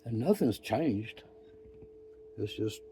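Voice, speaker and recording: An older man telling a rambling story in a profane, folksy, wry way, with pauses and restarts. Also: lowish voice, lively intonation, warm tone, slight background noise. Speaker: vlogger. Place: outdoors.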